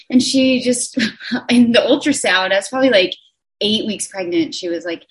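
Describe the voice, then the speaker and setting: A woman's voice: sits high, normal speed, darkish tone. A woman in her thirties, a stage actress, chatting as a guest and acting out the voices in her stories. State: sleep-deprived. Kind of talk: casual chat.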